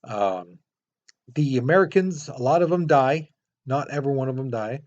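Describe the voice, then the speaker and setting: A man's voice: medium pitch, animated, moderate pace, a little mellow, muffled recording. A man teaching a history lesson in a casual, explanatory way, pointing to a map with many fillers. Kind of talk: classroom lecture.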